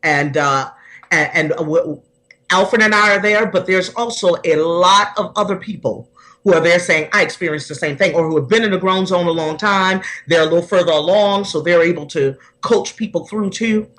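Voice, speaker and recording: Female life coach, podcast guest; sincere, heartfelt, halting restarts. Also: fairly low pitch, a bit bright. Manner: earnest, heartfelt, many restarts. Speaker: personal development coach.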